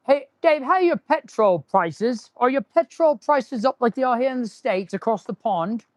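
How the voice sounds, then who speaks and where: Man doing a fake British accent, jokey, exaggerated, a bit higher, dry sound. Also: animated, normal speed, no echo. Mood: teasing. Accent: put-on British. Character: mock British man asking about fuel prices.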